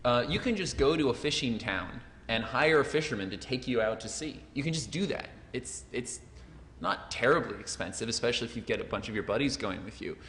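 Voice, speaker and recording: A man's voice: mid-range voice, animated, a little fast, fairly bright tone, slight background noise. Enthusiastic man on a panel, echoey hall. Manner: enthusiastic, loose, many fillers. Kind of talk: panel discussion answer. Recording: echoey hall with faint ambience.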